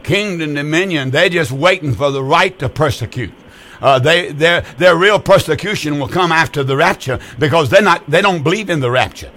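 This is an older man in his seventies who hosts a call-in radio show. His voice sits a bit high for a man. He preaches emphatically, repeats his points for weight and keeps a folksy, down-home tone. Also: moderate pace, sharp tone. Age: 70s.

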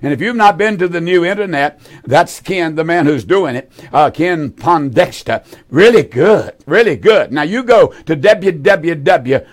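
A man preaching on a radio call-in program. His voice sits a little high for a man, and he drives his points home by repeating phrases with fervor. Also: animated, a little slow. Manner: fervent, repeats key phrases for emphasis. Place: radio studio.

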